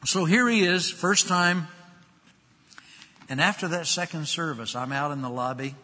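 An older man preaching a sermon, emphatic, rising loud and dropping soft. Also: fairly high pitch, unhurried. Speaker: pastor. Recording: long hall reverb.

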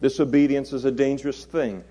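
A man's voice: medium pitch, level tone, fairly quick, mellow. A man preaching an expository sermon in a conversational way, chuckling and adding playful asides.

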